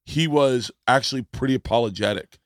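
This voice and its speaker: A man's voice: medium pitch, a little fast, dry recording, clean studio sound. A man hosting a podcast, telling a story in casual chat, often restarting his sentences. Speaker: podcast host.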